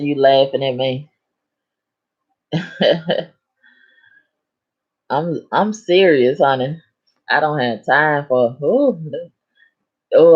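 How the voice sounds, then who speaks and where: A woman hosting a live stream in casual chat, reading viewer comments aloud and answering them in a sassy, animated way with big swings in pitch. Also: highs cut off.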